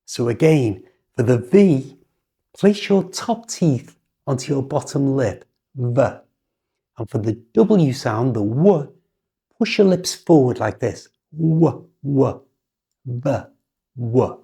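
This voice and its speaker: A woman with a British accent teaching English pronunciation patiently, speaking example sentences slowly and clearly. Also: rumbling low, lively intonation, warm tone. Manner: patient, instructive, over-articulated examples.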